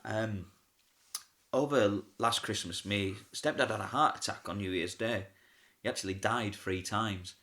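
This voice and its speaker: This man talks in a bright, forward voice. He tells backstage stories as a pantomime comic in a relaxed interview, chatty and quick to laugh, slipping into the voices of the people he quotes. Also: fairly low pitch. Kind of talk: casual storytelling interview.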